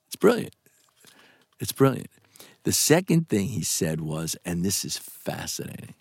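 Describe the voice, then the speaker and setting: A man in his sixties from New with a gravelly voice, animatedly telling stories in a casual interview. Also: no echo, studio quality. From New York. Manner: animated, swings pitch for quoted voices. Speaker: actor guest.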